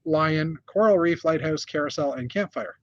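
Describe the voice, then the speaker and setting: A man's voice: on the high side, moderate pace, lo-fi sound. A man hosting a casual news chat from a hotel room, rambling with many fillers and restarts. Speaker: host.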